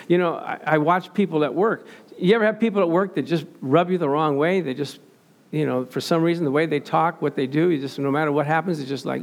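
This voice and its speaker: Older guy preaching, gravelly kinda high voice, chatty stories, does the voices. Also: lively intonation, moderate pace. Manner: conversational storytelling, acts out quotes. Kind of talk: sermon.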